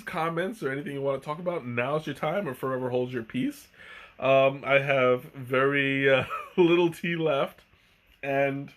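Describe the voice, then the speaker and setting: A man's voice: on the high side, fairly bright tone. A man hosting a casual tea-tasting live stream, rambling with many ums and restarts. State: hiccuping. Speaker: tea livestream host.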